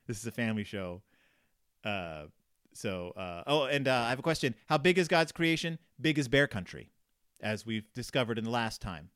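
A man chatting on a podcast in a loose, joking, rambling way, peppering his talk with asides. His pitch swings widely as he goes, lively and animated. It sounds like an offhand comedic book review. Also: moderate pace. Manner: rambling, jokey, full of "like" and asides, puts on silly voices for characters. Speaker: podcast host.

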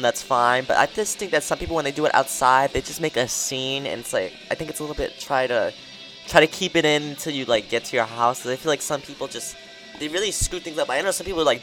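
A young podcast host chatting casually, ranting in an animated way and reading out questions to co-hosts. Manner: animated, ranting, swings pitch widely. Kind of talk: casual chat.

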